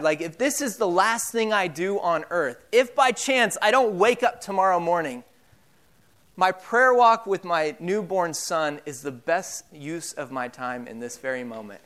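A man's voice: high voice, a bit bright. A young man preaching a sermon as pastor, telling family stories in a casual way with many fillers. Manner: casual storytelling with frequent fillers.

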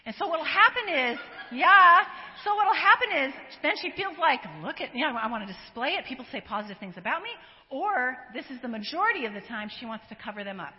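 A woman counselor giving a conversational talk to a live audience, animated and given to acting out the remarks she quotes. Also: sits high, fast. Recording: dull lo-fi sound, long hall reverb.

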